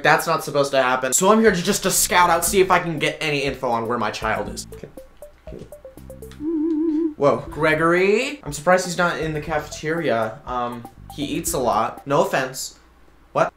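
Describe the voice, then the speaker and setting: A man's voice: on the high side, fairly bright tone. A man voicing a flustered, newly divorced mother searching for her son, rambling and breaking into shrieks. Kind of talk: comedic role-play over gameplay. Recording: roomy sound with game music.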